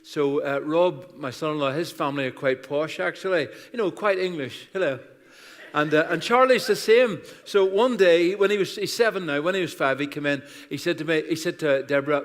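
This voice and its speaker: A man's voice: a little high, fairly quick. Man, 60s, Irish accent, guest preacher, joking storytelling, reverberant church hall. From Ireland. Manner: chatty, self-deprecating, bursts of laughter. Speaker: guest pastor. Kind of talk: humorous sermon storytelling. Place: church auditorium.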